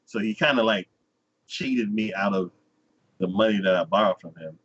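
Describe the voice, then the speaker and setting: Brief: man doing a sly animal-girl character, rambling excuses, bright tone, lo-fi capture. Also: lowish voice, normal speed, breathy edge, voice pushed down. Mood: excusing herself. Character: scheming young animal-woman from an anime. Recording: dull lo-fi sound.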